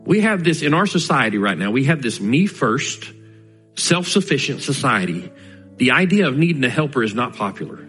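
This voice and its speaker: A man preaching a sermon, earnest and conversational, slowing down to stress key lines. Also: mid-range voice, big pitch swings, fairly bright tone, soft background music, rough recording. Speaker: pastor.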